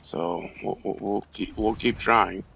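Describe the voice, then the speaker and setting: A man's voice: fairly low pitch, a little slow, vocal fry, fairly bright tone, slightly rough. A man streaming a video game while drunk, rambling and stammering, swearing at enemies as he plays. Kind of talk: casual drunk gameplay commentary.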